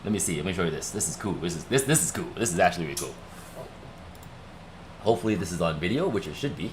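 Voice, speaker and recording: A man hosting a casual livestream, talking in an excited, rambling way and often repeating himself. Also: deep voice, fast talker, a little hiss or hum. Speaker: livestream host. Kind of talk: casual chat.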